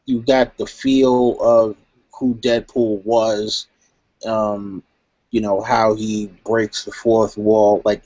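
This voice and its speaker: A man's voice: on the low side, darkish tone, no echo. Laid-back rambling man in casual chat. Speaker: guest in live chat. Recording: dry, dull lo-fi stream audio.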